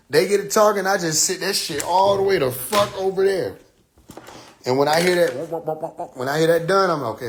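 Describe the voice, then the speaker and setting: A man's voice: on the high side, fairly bright tone. A man hosting a casual livestream, telling stories in a loose, profane way, laughing often and mimicking other people's voices. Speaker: livestream host. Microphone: phone.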